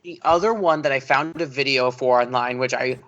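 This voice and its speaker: Animated storytelling male podcast host. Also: a little fast, muffled recording. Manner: animated storyteller, jumps into high squeaky quotes. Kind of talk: casual podcast chat.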